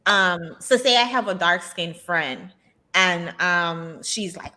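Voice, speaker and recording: In a casual interview, a female guest speaks candidly and with strong opinions, filling her speech with lots of um's and likes. Her voice is on the low side, slow and sharp in tone.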